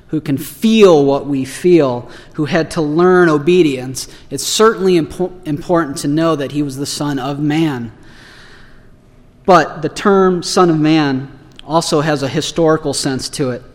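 A man preaching a sermon as pastor, earnest, building emphasis on key phrases with light self-deprecating asides. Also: medium pitch. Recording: reverberant hall.

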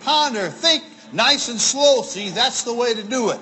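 Male preacher, folksy and playful, high bright voice, lively pitch, faint hiss behind. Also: measured pace, hardly any pauses, poor audio. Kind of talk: sermon to children and families.

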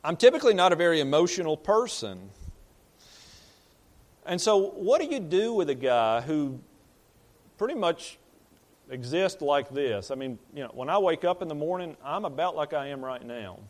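A man's voice: fairly high pitch, sing-song, moderate pace. A man in the role of pastor, preaching in a conversational way, plain-spoken and often repeating or restarting words as he builds a point. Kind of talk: conversational sermon.

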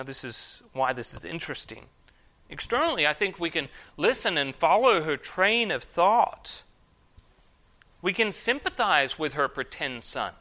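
A man with a slightly high, sharp voice preaches an expository sermon. He reads scripture aloud with emphasis and then explains it as Bible teaching.

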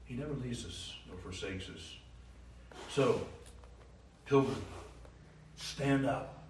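A man preaching a sermon, emphatic, rising to loud declarations and dropping low again. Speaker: pastor. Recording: roomy, from a distance, faint hiss.

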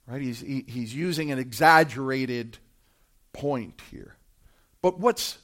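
A man preaching a sermon, speaking straight to the congregation with impassioned delivery that swells from hushed to loud. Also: mid-range voice, slow. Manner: addresses the congregation directly, who answer back.

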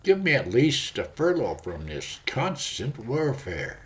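A man's voice: mid-range voice, huge pitch swings, slow. A man voicing the flesh as a weary complainer who whines to give up. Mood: whining. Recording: dull lo-fi audio.

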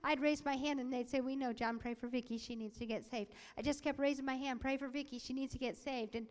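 Talking fast in a high voice with fairly even intonation, a woman relays a preacher's sermon and personal testimony. She acts out quoted voices with animation and sometimes slips into a whisper. Long hall reverb fills the recording.

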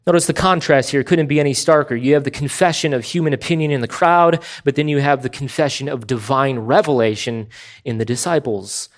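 A man preaching an expository sermon, emphatic and deliberate, slowing down to stress key words. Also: mid-range voice. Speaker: pastor.

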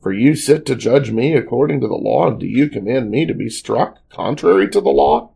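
A pastor reading scripture aloud and then explaining it in a loose family worship devotional, with many fillers. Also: male voice, medium pitch, expressive, fairly quick, creaky, warm tone, a little hiss or hum, rough recording.

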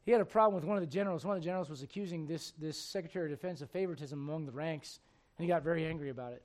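A man's voice: on the high side, very fast, darkish tone. A male preacher delivering a rousing sermon to a congregation, often putting questions to them. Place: church before a congregation.

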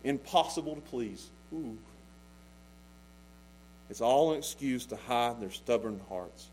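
A man preaching a sermon as pastor, passionate, swinging between loud pleading and hushed intensity. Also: mid-range voice, expressive, takes it slowly, slight background noise, rough recording.

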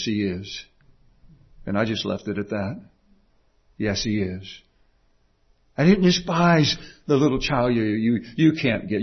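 A man preaching a sermon to his congregation, emphatic, moving from quiet, low passages to raised ones. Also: breathy edge. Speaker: pastor. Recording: dull lo-fi sound.

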